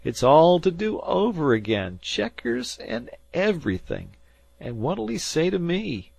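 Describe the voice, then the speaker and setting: Man doing a frantic old sea farmer, high and reedy. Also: big pitch swings, a little slow, creaky, no echo, lo-fi sound, exaggerated voice. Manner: frantic, rustic dialect.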